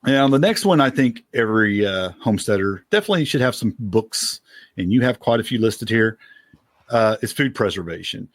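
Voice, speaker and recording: A man's voice: lowish voice, expressive, moderate pace, no room sound, clean studio sound. A man co-hosting a podcast in casual chat, talking in an easygoing, rambling way and laughing often. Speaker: podcast co-host.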